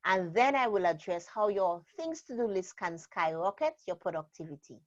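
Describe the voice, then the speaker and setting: A woman trainer explaining a method in an interview, speaking deliberately and stressing key words. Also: medium pitch, expressive. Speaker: productivity trainer. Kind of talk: instructional interview talk. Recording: slightly dull lo-fi sound.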